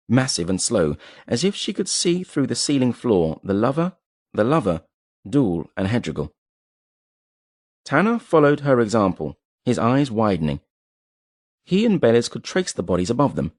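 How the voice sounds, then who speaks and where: A man reading a novel aloud in measured, dramatic storytelling narration. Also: on the low side, a little mellow, husky, no echo, clean studio sound. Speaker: audiobook narrator. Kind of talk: scripted narration.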